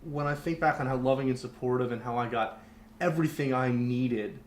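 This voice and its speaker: A man's voice: medium pitch, a little fast. A young man telling a personal story in conversation as a podcast guest, candid and rambling, full of fillers. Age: young adult. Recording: roomy echo, faint background noise.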